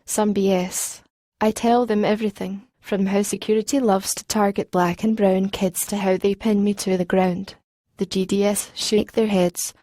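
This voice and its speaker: Woman audiobook narrator, warm mellow tone, dry close studio sound, streetwise teen voice. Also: mid-range voice, level tone, moderate pace, dry recording. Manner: streetwise teen voice, slangy and rhythmic. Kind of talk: first-person audiobook narration.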